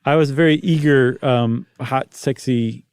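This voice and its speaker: A man's voice: mid-range voice, a little slow, a little mellow, smooth, no echo. A middle-aged man co-hosting a podcast, chatting casually with self-mocking jokes. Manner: joking, self-mocking banter. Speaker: podcast co-host. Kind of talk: casual chat.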